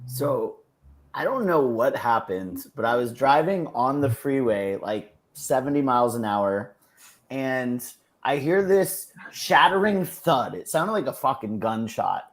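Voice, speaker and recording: A man chatting casually as a podcast co-host, loose and profane. He tells a story in a middle-pitched voice, relaxed and unpolished. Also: unhurried. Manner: profane, storytelling, laid-back. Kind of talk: casual chat.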